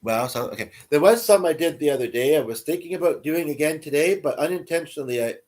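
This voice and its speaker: A man's voice: on the high side, animated, quick pace, a little mellow. A man livestreaming in casual chat, answering viewers in a rambling, self-deprecating way and chuckling often.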